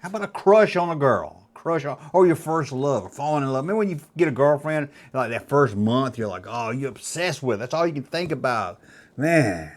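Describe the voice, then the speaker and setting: A man's voice: medium pitch, expressive, fairly quick. A man in his fifties hosting a video, rambling in a casual, chatty way as he reminisces. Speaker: YouTube host. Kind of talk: casual nostalgic monologue.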